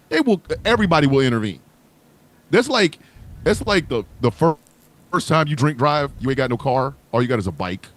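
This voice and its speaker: A man hosting a casual livestream chat, talking in an animated, profane way and riffing with comic voices. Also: on the high side. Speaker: host.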